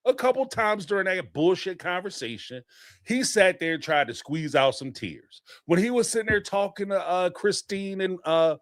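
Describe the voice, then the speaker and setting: A man's voice: sits high, lively intonation, moderate pace, a bit bright, dry recording, clean studio sound. A man giving casual live reaction commentary on a reality show, blunt and profane, often mimicking people in mocking voices.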